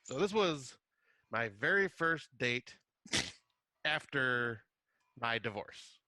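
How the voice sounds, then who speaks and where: A young man co-hosting a podcast, spinning a self-mocking story in casual chat. His voice sounds bright and forward, and the recording is dry and close, with no room sound. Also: mid-range voice, expressive, takes it slowly, dry recording. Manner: self-deprecating, jokey storytelling. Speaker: podcast co-host.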